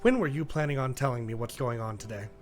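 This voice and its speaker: A man voicing an angry, protective young wife who scolds quickly and indignantly. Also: medium pitch, loud music behind the voice, close to an everyday voice.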